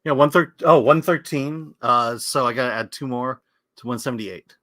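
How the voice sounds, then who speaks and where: A man giving live election result updates, halting and full of fillers. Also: mid-range voice, a bit bright, dry recording.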